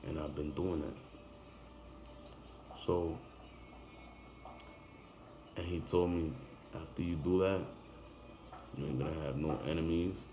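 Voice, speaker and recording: Deep-voiced man telling an intense story. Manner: intense, emphatic, drifts louder and quieter. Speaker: barber telling a personal story. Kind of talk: casual spoken monologue. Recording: echoey room with background noise.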